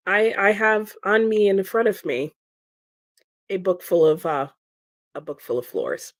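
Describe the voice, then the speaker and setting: A woman's voice: mid-range voice, expressive, a little slow, no echo. A woman hosting a livestream in casual chat, reading out viewer comments, still sleepy, giggling and stumbling over her words. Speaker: livestream host.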